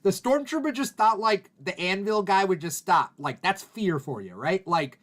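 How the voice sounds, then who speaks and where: A man hosting a podcast, talking loosely and swearing casually in a relaxed chat with his cohosts. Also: sits high, normal speed. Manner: loose and conversational, heavy on fillers and swearing. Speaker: podcast host.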